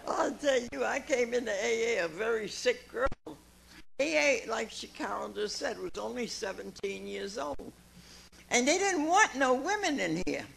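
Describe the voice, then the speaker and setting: A woman's voice: a little high, animated, a little slow, vocal fry, a bit bright, poor audio. A woman in her nineties giving a folksy personal testimony to a meeting audience, calling listeners honey and laughing often. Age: 90s. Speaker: recovery meeting speaker. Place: meeting room before an audience.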